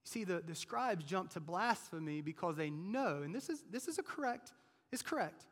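A male pastor preaching in a high-pitched voice. He delivers the sermon conversationally and keeps checking in with the listeners. The voice rings out with the long reverb of a large church hall. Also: expressive, normal speed, fairly bright tone. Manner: conversational preaching, frequent "like" and "right?".

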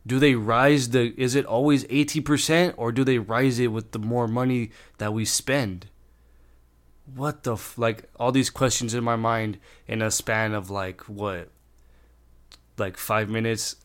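A young male vlogger with a medium-pitched, fairly even, slightly slow voice tells a storytime rant. He rambles with restarts, sounding exasperated and swearing freely.

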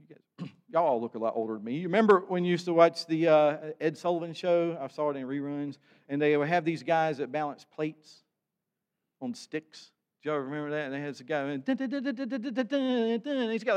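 A man preaching a sermon to his congregation, conversational and animated, with asides to the listeners. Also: fairly high pitch. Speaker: pastor. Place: church sanctuary. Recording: long church reverb.

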